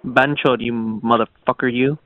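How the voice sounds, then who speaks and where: A man's voice: mid-range voice, fairly even intonation, normal speed, phone-quality sound. A man making crude prank phone calls, taunting and swearing, dropping mock Spanish phrases. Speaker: prank caller.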